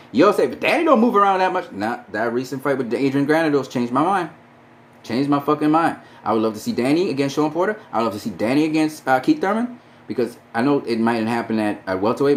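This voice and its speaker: Man, casual boxing commentary, profane, emphatic, repeats himself, lively pitch. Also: slight background noise. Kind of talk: casual opinion monologue.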